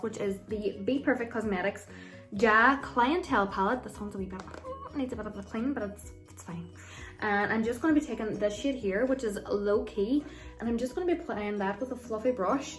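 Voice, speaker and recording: A woman giving a casual, chatty makeup tutorial, with a loose way of talking and plenty of ums and likes. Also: on the high side. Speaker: makeup vlogger.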